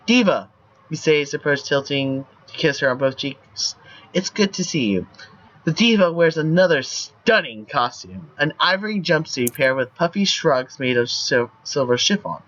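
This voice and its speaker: A man's voice: on the high side, moderate pace, a bit bright, highs cut off. A man streaming, reading a choice game's text aloud in a playful way with banter. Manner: playful, laughs at the lines.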